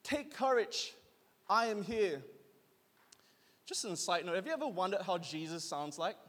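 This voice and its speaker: A man in his thirties preaching a youth sermon, lively and urging the crowd to call back. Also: high voice, moderate pace. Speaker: youth pastor. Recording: long hall reverb.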